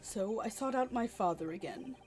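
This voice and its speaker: A woman voicing a bitter, ambitious man who confesses his crimes in a steady, measured reading. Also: medium pitch, close to an everyday voice. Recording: faint music behind.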